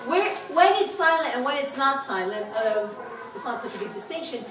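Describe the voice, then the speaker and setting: Woman teacher, high voice, heard from afar in an echoey classroom, laughing and encouraging. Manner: chatty, laughs often, encouraging. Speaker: Hebrew teacher. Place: synagogue classroom. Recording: echoey room, distant mic, background noise.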